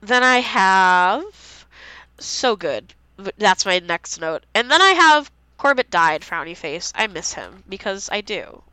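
Animated young woman, bright and lively. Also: medium pitch, slow, smooth, rough recording. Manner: animated, reads out favorite quotes, swears freely. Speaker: podcast co-host. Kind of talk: casual fan podcast chat.

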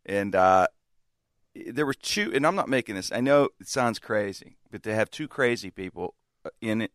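A man hosting a casual chat show, telling a long story with laughter and loud, shouted quotes. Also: fairly low pitch, no echo, studio quality. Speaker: podcast host.

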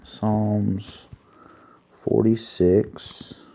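A man preaching an earnest sermon, pausing to find his place and reading scripture aloud. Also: fairly low pitch, level tone, gravelly, dark tone. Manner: earnest, reads scripture aloud with pauses while finding pages.

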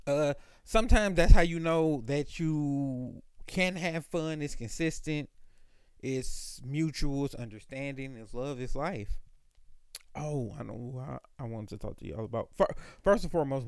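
A man's voice: mid-range voice, unhurried, clean tone, no echo, clean studio sound. A man hosting a podcast on his own, telling stories in a loose, profane, slangy way. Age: adult, calls himself an old dog. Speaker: podcast host. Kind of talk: casual solo podcast monologue.

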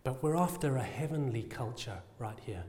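A British man preaching a sermon with passion, asking rhetorical questions and drawing out key phrases slowly for emphasis. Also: mid-range voice, lively intonation, a little mellow, big-room sound.

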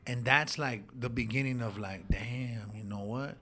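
A man's voice: mid-range voice, a little slow, a bit bright, slight background noise. Heartfelt man telling his story in slang. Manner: street slang, heartfelt, calls listener dog and homie. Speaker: guest sharing his life story. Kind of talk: emotional personal storytelling.

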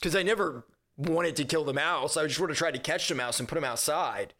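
A man's voice: fairly high pitch, brisk, sharp tone. A man co-hosting a podcast, telling a story in loose, rambling chat with casual cursing. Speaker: podcast co-host.

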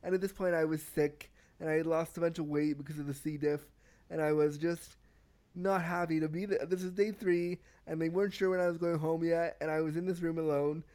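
A man as a podcast guest, telling a story in casual conversation, animated and often repeating and restarting words. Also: on the high side, a little fast. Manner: animated, acts out quoted exchanges.

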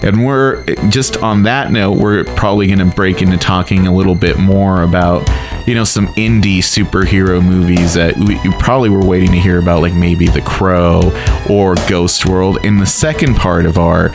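A man hosting a podcast, chatting casually and then reading upcoming event plugs with quick enthusiasm. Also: low voice, steady tone, music in the background. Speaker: podcast host.

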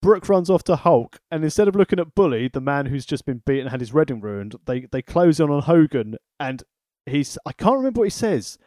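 A man's voice: a little high, big pitch swings, a little fast, few pauses, a little mellow, no room sound, studio quality. A man hosting a podcast, giving a sweary, analytical recap in casual chat. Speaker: podcast host.

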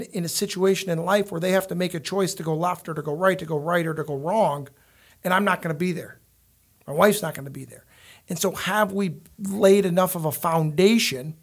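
A father appears as a guest in a casual conversation, rambling, repeating words, and acting out lines others said to him. His voice is high-pitched and slightly rough.

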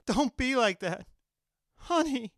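A woman's voice: a little high, lively intonation, slow. A woman playing a wounded, pleading father who keeps repeating himself. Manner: pleading, repetitive. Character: soft wounded middle-aged father.

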